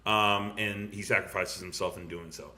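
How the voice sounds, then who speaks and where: A young man hosting a casual podcast, excitably talking over a film, swearing a lot and laughing often. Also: lowish voice, moderate pace. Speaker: podcast host. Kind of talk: casual movie review chat.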